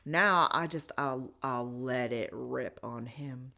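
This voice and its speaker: A woman hosts her own podcast and talks straight through a personal story. She is candid and emotional, sometimes rushing ahead and sometimes slowing right down. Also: extremely low pitch, gravelly, sharp tone. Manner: candid and emotional, with pace swinging between rushed and slow. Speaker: podcast host.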